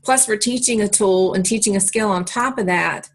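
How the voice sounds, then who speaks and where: A woman giving a calm, explanatory parenting lesson, now and then acting out short phrases a parent or child might say. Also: mid-range voice, normal speed, slightly rough. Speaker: parenting educator. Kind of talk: instructional talk to camera.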